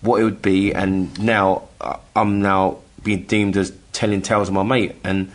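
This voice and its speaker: A middle-aged man from England telling a personal story in casual chat, halting with many restarts and acting out the voices he quotes. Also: low-pitched, steady tone. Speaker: guest telling his story.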